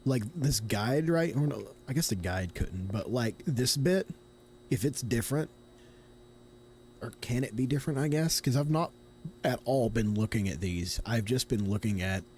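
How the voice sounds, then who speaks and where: A man's voice: fairly low pitch, a little mellow, slight background noise. A young man from Tennessee streaming a horror game, chatting casually and thinking aloud in a rambling, self-correcting way. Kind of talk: casual live gameplay commentary.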